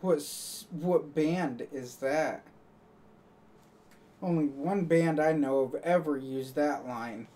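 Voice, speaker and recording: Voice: mid-range voice, slow pace, mellow, distant mic. A live streamer chatting casually to viewers, rambling and joking, laughing at their own jokes.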